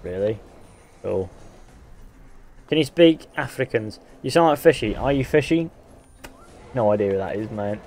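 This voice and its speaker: A man's voice: on the low side, expressive, unhurried, pauses often, darkish tone, slight background noise. A man from England with a mixed Northern, West Country and Midlands accent, chatting bluntly and swearing while streaming a game and reading out viewer comments. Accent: English, Northern and West Country mix with a Midlands sound. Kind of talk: casual live-stream chat while gaming.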